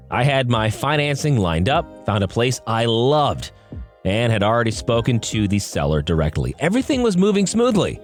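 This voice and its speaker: A man hosting a podcast, reading online stories aloud with sarcastic asides. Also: medium pitch. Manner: sarcastic asides, expressive delivery. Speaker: podcast host.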